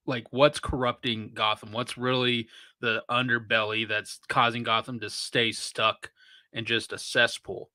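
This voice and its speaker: Bright-voiced man reviewing films, dry mic. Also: medium pitch, no echo. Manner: thoughtful, builds points, casual swearing. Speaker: podcast co-host. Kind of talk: casual film review chat.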